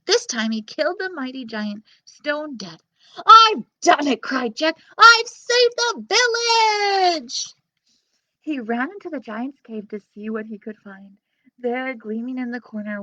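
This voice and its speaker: A woman librarian reading a children's story aloud and talking right to the kids. Her voice is fairly high and swings widely, and she takes it slowly. It is recorded close and dry. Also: dry recording. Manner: animated, expressive, talking directly to kids.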